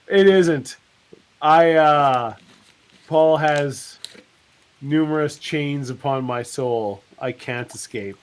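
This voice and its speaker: A man's voice: a little high, animated, fairly bright tone. A man co-hosting a live stream, chatting casually and rambling through jokes and food talk. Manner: rambling, jokey, drawn-out. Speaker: co-host.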